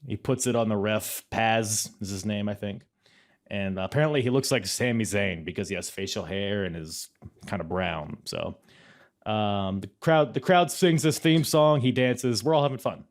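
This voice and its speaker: A man's voice: on the low side, normal speed. A man hosting a casual wrestling podcast, laid-back and laughing often. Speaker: podcast host.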